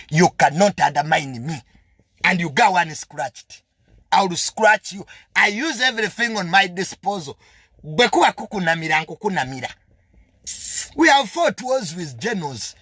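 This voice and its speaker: A man's voice: high-pitched, pushed and bright, no echo, studio quality. A young man with a Ugandan accent, a media personality delivering a defiant, indignant rant that switches between two languages. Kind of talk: heated monologue.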